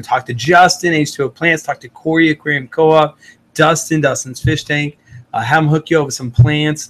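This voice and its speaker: A man's voice: medium pitch, fairly bright tone. A man hosting a casual livestream, reading viewer comments aloud and answering them in a loose, chatty way. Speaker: livestream host.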